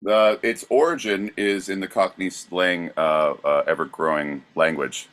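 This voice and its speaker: Male podcast co-host, slightly low pitch, halting quiz-master delivery. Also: fairly even intonation, fairly bright tone. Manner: hesitant, lots of uh fillers, plays straight man. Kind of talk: casual comedic banter.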